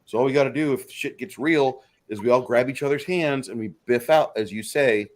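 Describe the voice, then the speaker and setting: A man's voice: mid-range voice, brisk. A man narrating as game master of a tabletop game, casual and profane, often laughing.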